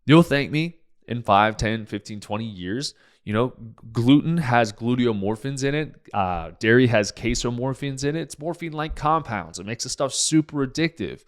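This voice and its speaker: A man's voice: mid-range voice, lively intonation, moderate pace. A man hosting his own show as a naturopathic doctor, ranting in a fired-up way, swearing freely and jumping from point to point. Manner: jumps between topics, many restarts. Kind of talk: podcast monologue.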